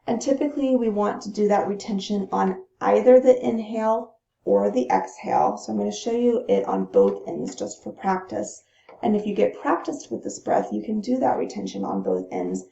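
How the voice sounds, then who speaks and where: A woman teaching breathing techniques in a calm, instructional way, pausing to demonstrate the breaths. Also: mid-range voice, gravelly. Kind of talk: gentle instructional talk. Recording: roomy, dull lo-fi sound.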